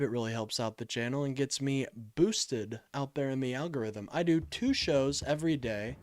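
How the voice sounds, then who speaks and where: Heated man on a live stream. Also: mid-range voice. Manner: heated, exasperated, swings between loud and muttered. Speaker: political streamer taking chat and calls. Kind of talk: live-stream commentary reading chat.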